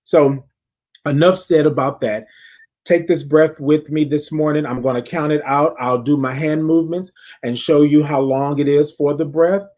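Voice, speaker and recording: Upbeat dude leading a morning breathing check-in on his podcast, pitch a little up, keeps saying "all right". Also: steady tone, moderate pace, warm tone. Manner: upbeat, talks straight to his audience, repeats phrases. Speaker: podcast host. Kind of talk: casual live-stream check-in leading breathing exercises.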